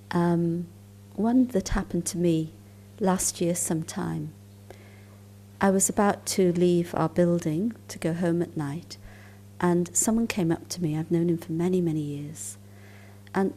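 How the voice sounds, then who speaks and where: A woman giving a spiritual talk at a conference, telling stories calmly and unhurriedly, sometimes dropping into soft, near-whispered asides. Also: lowish voice, a little hiss or hum. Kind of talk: storytelling lecture at a conference.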